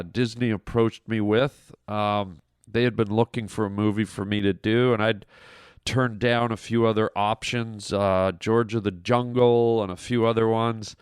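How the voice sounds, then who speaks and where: Animated, rambling comedian, crisp dry sound. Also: male voice, on the low side, dry recording. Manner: animated, rambling anecdotes with many fillers. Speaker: actor and comedian guest. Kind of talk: recorded message, casual storytelling. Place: recorded separately from the hosts.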